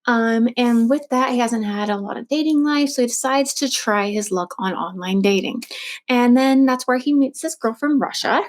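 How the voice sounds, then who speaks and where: A woman casually retelling a true crime story, chatty, with lots of fillers and restarts. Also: on the high side.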